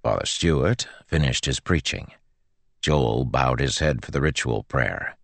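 A man narrating a novel as an audiobook, in a measured, even storytelling manner. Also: extremely low pitch, gravelly, no echo.

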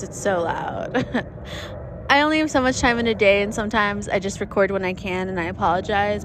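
Young woman, higher voice, chatty and swearing, solo podcast, faint plane noise outdoors. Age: young adult. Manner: chatty, profane, self-mocking, often laughing. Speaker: podcast host. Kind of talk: casual solo podcast monologue. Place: outdoors in the desert, planes passing overhead. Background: passing airplanes.

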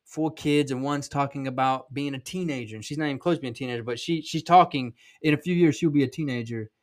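A man's voice: medium pitch, fast. A man in his thirties from South Georgia with a Southern accent, giving blunt, folksy advice in a casual podcast monologue. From South Georgia, USA. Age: 30s. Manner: blunt, folksy, emphatic, with many ums and restarts. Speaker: podcast host and sales trainer.

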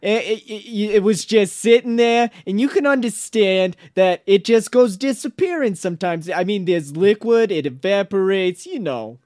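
A man's voice: high voice, animated, moderate pace, few pauses, darkish tone, no echo, clean studio sound. A man improvising a comedy sketch, talking hesitantly and laid-back with stammers and "man". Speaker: comedy podcast co-host.

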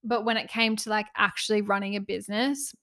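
A woman's voice: medium pitch, steady tone, a little fast, a bit bright. A young woman hosting a solo spiritual coaching podcast, talking earnestly and passionately, short of breath and gasping between phrases. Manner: earnest, passionate, uses "like" often. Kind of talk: casual solo podcast monologue. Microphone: close podcast mic.

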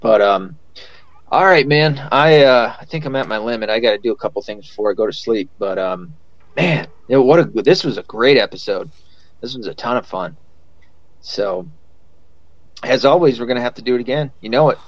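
A man's voice: medium pitch, animated, a little fast, no room sound, dull audio. A man hosting a podcast in casual chat, rambling with lots of fillers and swearing freely. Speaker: podcast host.

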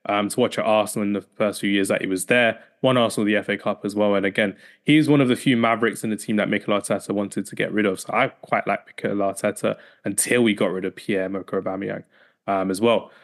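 A man's voice: fairly low pitch, steady tone, fast. A man hosting a casual football podcast, reeling off team lineups with playful asides. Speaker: podcast host.

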